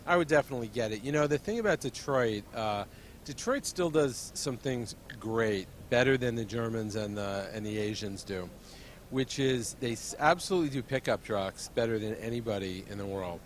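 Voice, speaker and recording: Brief: male pundit, mid-range voice, measured and informed, faint hall rumble. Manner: knowledgeable, measured, hesitant fillers. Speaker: automotive editor guest. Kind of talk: expert interview answers. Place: busy convention hall booth.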